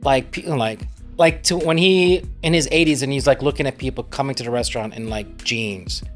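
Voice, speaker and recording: A man's voice: mid-range voice, brisk, soft background music. A man co-hosting a casual podcast, rambling with lots of fillers and frequent laughs. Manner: rambling, full of "like", laughs often. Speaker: podcast co-host.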